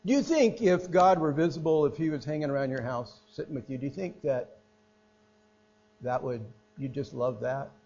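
A middle-aged man preaching a sermon, swinging between loud emphatic stresses and quiet, hushed phrases. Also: mid-range voice, moderate pace. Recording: dull lo-fi sound with mains hum.

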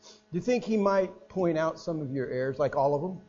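Preacher with mellow, husky voice. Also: male voice, a little high, moderate pace. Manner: expressive, swings from loud emphatic to quiet hushed. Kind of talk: sermon. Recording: dull lo-fi sound with mains hum.

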